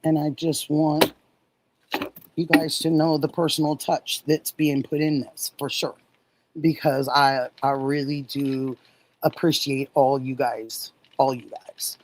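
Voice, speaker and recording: Slow-talking chatty woman host. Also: low voice, flat delivery, slight background noise, low-quality recording. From Oregon. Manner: warm, gushing, reads and answers chat messages. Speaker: livestream host. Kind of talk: casual livestream chat with viewers.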